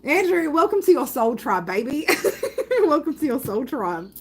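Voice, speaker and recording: This low-quality recording features a woman whose slightly rough voice sits high, moving at a moderate pace with big pitch swings. She runs a live tarot reading stream, chatting casually, swearing constantly, frequently asking "right?", and breaking into loud laughter as she reads the chat.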